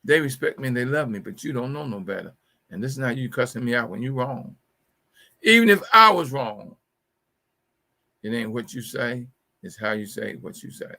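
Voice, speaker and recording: This live call-in host, a middle-aged man, keeps things casual and funny, though he repeats punchlines and stumbles verbally. His medium-pitched voice is very animated and pushed, bright with vocal fry, at a moderate pace.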